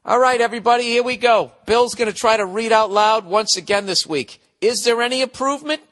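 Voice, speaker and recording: A middle-aged man talks through a loose, rambling podcast monologue in a voice pitched a little high. He swears freely and stays sarcastic and animated. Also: fairly quick. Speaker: podcast host.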